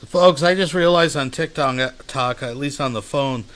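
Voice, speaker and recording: A man's voice: mid-range voice, moderate pace, fairly bright tone. A man making wry, offhand remarks in casual commentary while watching a stream.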